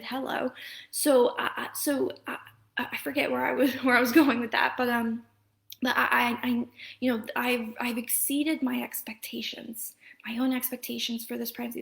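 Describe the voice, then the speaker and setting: Talking earnestly on a Facebook Live stream, this woman in her thirties, a mom coach who is heavily pregnant, has a voice on the high side with vocal fry. She rambles, full of fillers and restarts, frequently dropping to a gentle whisper.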